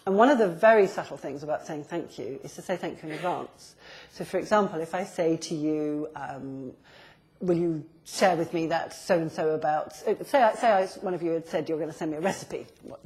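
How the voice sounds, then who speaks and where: A middle-aged woman speaking to an audience about being heard at work. Her voice sits fairly low for a woman. She brings the talk to life by acting out sample exchanges, and she laughs often as she goes. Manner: lively, acts out example dialogues, laughs often. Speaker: business communication speaker.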